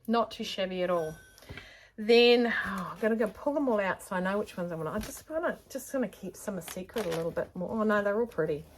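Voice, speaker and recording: A woman's voice: on the low side, a bit bright, a little hiss or hum. Middle-aged woman, New Zealand accent, chatty and rambling, jokes at herself, talks to camera. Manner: chatty, rambling, self-mocking. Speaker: sewing vlogger. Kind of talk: casual chat to camera.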